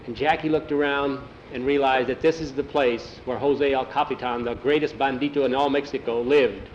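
A man's voice: mid-range voice, steady tone, normal speed, slight background noise. A man telling an adventure story aloud, often repeating "he says" between lines. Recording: dull lo-fi recording.

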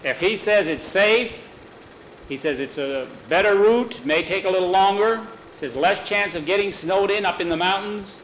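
A man storyteller voicing a calm, persuasive wagon-train leader who reasons with a crowd. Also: sits high, moderate pace, a little hiss or hum, pitched above the performer's own voice, low-quality recording. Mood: decisive.

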